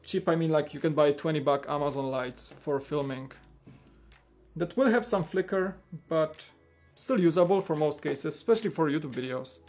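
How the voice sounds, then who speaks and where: A man with a slightly high, darkish voice hosts a casual livestream at a moderate pace, soft music in the background. He rambles along, constantly saying "like" and restarting his sentences.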